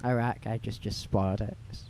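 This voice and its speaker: A man's voice: on the low side, steady tone, fast talker, vocal fry, a little mellow. A man hosting a casual chat, exclaiming often. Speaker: channel host.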